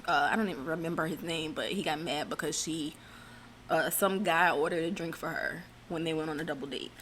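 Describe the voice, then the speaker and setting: A woman's voice: low-pitched, fairly bright tone, a little hiss or hum. A woman casually recapping a reality TV episode in a chatty way, dropping sarcastic asides.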